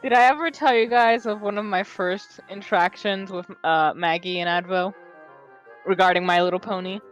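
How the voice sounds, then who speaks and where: A woman's voice: mid-range voice, steady tone, moderate pace, highs cut off, faint music behind. A woman co-playing a game, telling a story casually between laughs. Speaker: co-player. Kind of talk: casual chat.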